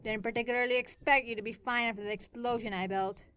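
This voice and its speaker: A woman doing a gruff, cold villain man. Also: fairly high pitch, steady tone, fast talker, a bit bright, natural voice. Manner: grumbling. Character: gruff cruel older male villain, cold and mumbling.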